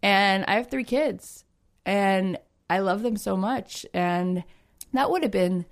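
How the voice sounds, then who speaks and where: Animated woman hosting a chat. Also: medium pitch, takes it slowly. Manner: animated, emphatic storyteller. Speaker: podcast host. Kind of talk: casual chat.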